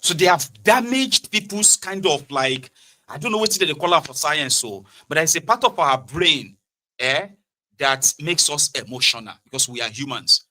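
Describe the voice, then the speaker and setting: Bright-voiced Nigerian man ranting. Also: a little high, animated, normal speed. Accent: Nigerian, Yoruba-inflected. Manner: switches between Pidgin, Yoruba and English, mimics people mockingly. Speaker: political commentator. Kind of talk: animated political commentary.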